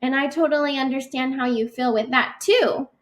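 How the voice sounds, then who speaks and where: A woman teaching young children to write, speaking patiently and encouragingly, stretching words out slowly as she sounds them out. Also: high-pitched. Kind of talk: slow, gentle classroom instruction for young children.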